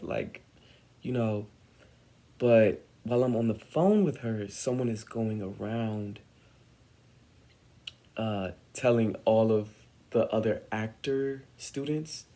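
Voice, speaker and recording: A young man telling a personal story on his vlog, animated and dramatic as he acts out what others said. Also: lowish voice, slow, long pauses. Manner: animated, dramatic retelling with acted-out quotes. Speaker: vlogger.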